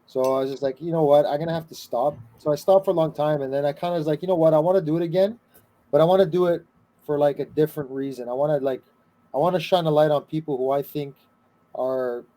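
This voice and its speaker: Fast-talking podcast host, mellow voice. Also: male voice, fairly high pitch. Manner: relaxed, swears casually. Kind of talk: casual chat.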